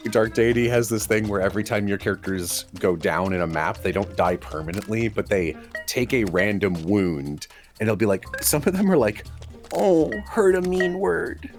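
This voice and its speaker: A man co-hosting a livestream, chatting casually and telling animated stories with bursts of laughter. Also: on the low side, normal speed, faint music behind. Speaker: livestream co-host. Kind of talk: casual stream chat.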